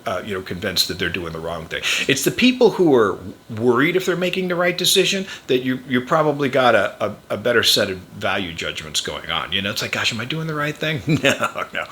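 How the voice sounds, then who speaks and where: A man's voice: medium pitch, pushed and bright, a little hiss or hum. An older man, a podcast host and chiropractor, telling a personal story in a rambling, anecdotal way with wry chuckles.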